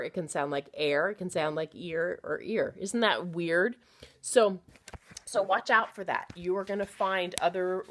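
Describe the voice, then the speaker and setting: A woman teacher giving a recorded phonics lesson to children, patiently sounding out words and encouraging them. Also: fairly low pitch.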